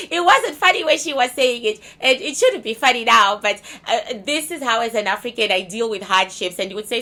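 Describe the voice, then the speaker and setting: A woman from Zimbabwe talking to her viewers in a casual, rambling monologue, candid and crude, swinging between loud and laughing. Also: a little high, lively intonation, brisk, few pauses. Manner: blunt, candid storytelling with crude language. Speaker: vlogger.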